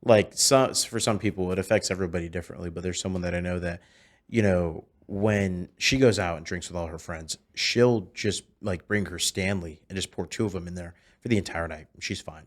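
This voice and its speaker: A man in his twenties, a podcast guest telling animated stories in casual chat, often restarting his sentences. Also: low-pitched, fairly quick. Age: 20s. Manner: animated storyteller, frequent restarts. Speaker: podcast guest, celebrity impersonator.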